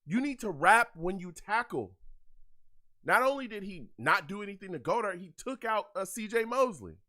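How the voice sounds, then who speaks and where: A young man calls a game live for his fan show, his voice riding a little high and swinging wildly from low grumbles to loud outbursts. He rants in exasperation, says the same complaint over and over, and stops to read chat comments aloud. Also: sing-song, moderate pace. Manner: exasperated, ranting, repeats himself.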